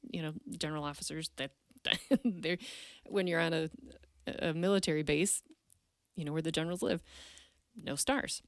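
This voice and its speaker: A woman's voice: low-pitched, steady tone, moderate pace, gravelly, no echo. A woman guest on a podcast, telling a personal story in an earnest, candid way with frequent restarts, on a close podcast mic.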